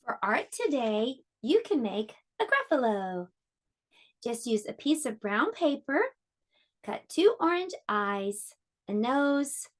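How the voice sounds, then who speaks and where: Slow, encouraging preschool teacher woman. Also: a little high. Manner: slow, encouraging, clearly explaining to small children. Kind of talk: online preschool lesson.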